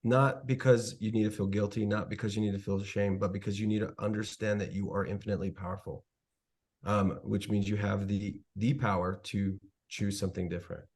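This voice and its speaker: A man talking as a podcast guest, relaxed and earnest, giving motivational advice. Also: lowish voice, brisk, slightly rough. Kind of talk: casual interview talk.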